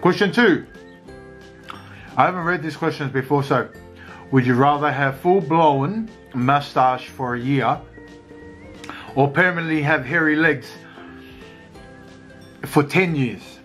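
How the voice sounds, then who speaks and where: A man's voice: fairly high pitch, measured pace, pauses often, a bit bright, soft background music. A man chatting casually at home as a family vlogger, eating and laughing between bites. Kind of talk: casual mukbang chat.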